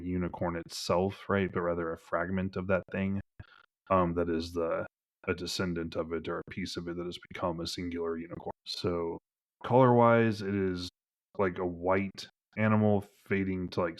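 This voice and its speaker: A man running a tabletop game as game master, describing scenes in a rambling way full of "like" fillers. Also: low voice.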